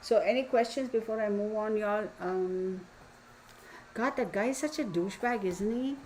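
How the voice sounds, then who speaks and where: A woman's voice: mid-range voice, normal speed, darkish tone, a little hiss or hum, low-quality recording. A woman hosting a tarot channel, chatting casually and opinionatedly with her viewers, often calling them y'all. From Texas. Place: home room with open window. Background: neighbor's dog barking.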